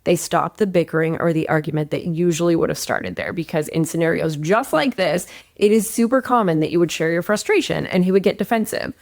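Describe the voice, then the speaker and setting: A young adult woman gives relationship advice straight to camera, with a slightly low voice. She talks in an expressive, emphatic way that swings up often. The recording is dry and close, with no room sound. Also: a little fast, no echo. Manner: expressive and emphatic, with frequent upward swings and a few laughs. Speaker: relationship coach and host.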